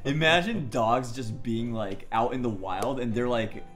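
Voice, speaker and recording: A man's voice: medium pitch, unhurried, music in the background. A man chatting as a guest on a stream, mostly reacting with short comments. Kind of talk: casual chat.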